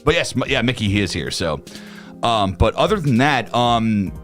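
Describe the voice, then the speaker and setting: A man's voice: mid-range voice, expressive, moderate pace, fairly bright tone, faint music behind. A young man co-hosting a livestream, chatting loosely with lots of fillers and restarts. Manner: rambling, many fillers and restarts. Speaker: co-host of a livestream. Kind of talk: casual livestream chat.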